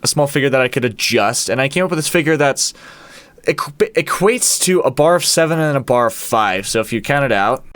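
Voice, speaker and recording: Smooth-voiced man explaining a song. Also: medium pitch, brisk, soft background music. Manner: relaxed explaining, counting out beats aloud. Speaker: producer and guitarist. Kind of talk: casual walkthrough of a song's production.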